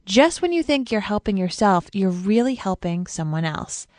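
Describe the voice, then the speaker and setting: A woman's voice: medium pitch, very animated, moderate pace, no room sound, studio quality. A woman co-hosting a podcast who reads listener mail steadily in an upbeat, casual way. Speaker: podcast co-host.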